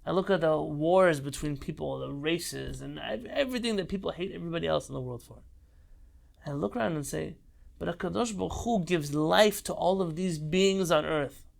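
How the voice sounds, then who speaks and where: A man's voice: a little high, normal speed, vocal fry. A man teaching an online Torah class, speaking with passion and repeating phrases for emphasis over a video call. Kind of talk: heartfelt online Torah lesson.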